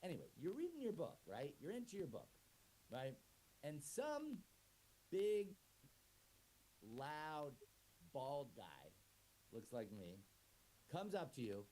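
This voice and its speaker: Animated man acting out a story. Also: on the high side, takes it slowly, pauses often, slight background noise, low-quality recording. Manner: animated storyteller who acts out both sides of a scene in voices. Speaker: autism educator and speaker. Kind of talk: lively talk to an audience.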